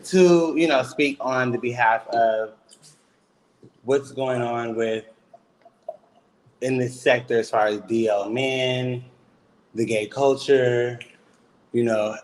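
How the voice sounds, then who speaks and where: A man hosting a casual chat, talking in a laid-back way full of fillers. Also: medium pitch. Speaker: host. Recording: roomy with faint noise.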